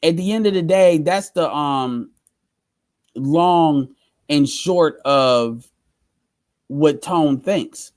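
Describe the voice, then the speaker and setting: A man's voice: a little high, drawn-out words, pauses often, darkish tone, no room sound, low-quality recording. A man hosting a casual livestream, talking bluntly with lots of profanity and repeating his points. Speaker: livestream host.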